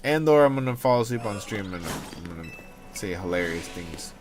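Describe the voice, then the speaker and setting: A man's voice: deep voice, lively intonation, normal speed. A young man chatting casually on a game livestream, rambling from one joke to the next, swearing freely and calling his viewers dude. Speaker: livestream gamer. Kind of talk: casual livestream chat while playing. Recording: game music playing under voice.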